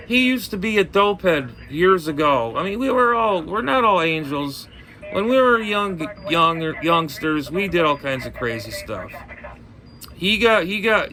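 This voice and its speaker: A man's voice: mid-range voice, bright, forceful tone, slight background noise. A man rambling through a casual chat from home, ranting bluntly, cursing and repeating himself. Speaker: ham radio vlogger.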